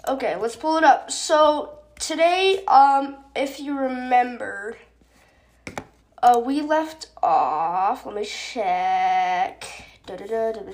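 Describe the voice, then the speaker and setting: A woman's voice: on the high side, a little mellow. A woman hosting a podcast, chatting casually and reading her own story aloud with fillers and self-corrections.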